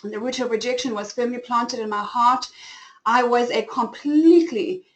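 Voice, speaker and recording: A woman's voice: on the high side, moderate pace, poor audio. A woman in her forties with a South African accent, hosting a live webinar and telling her own story in an effusive, open way. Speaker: webinar host and company founder.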